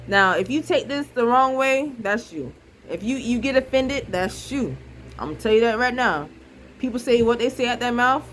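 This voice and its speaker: A woman's voice: medium pitch, a little hiss or hum, rough recording. A young woman venting on a vlog, frustrated and blunt, repeating herself and swearing freely. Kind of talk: emotional casual monologue.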